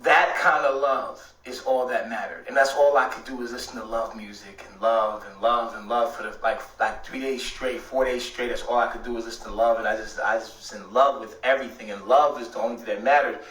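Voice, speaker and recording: A man telling a rambling story in casual talk, swearing often and at times breaking into shouts. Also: mid-range voice, fairly even intonation, fairly quick, hardly any pauses, distant mic. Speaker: host. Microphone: streaming setup. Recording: echoey room, away from the mic.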